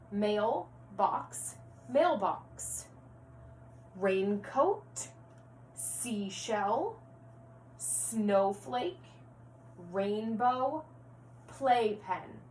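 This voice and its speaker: A woman teaching a first-grade reading lesson to young children at home, speaking clearly and encouragingly and spelling words out letter by letter. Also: fairly high pitch. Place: home, near her rocking chair. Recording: distant mic with faint hum.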